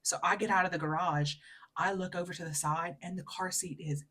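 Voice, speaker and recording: A woman's voice: fairly even intonation, fairly quick, breathy edge. A woman in her thirties, a podcast co-host, telling a story in casual chat with many fillers and acted-out quotes. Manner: acts out quotes in a high, loud voice.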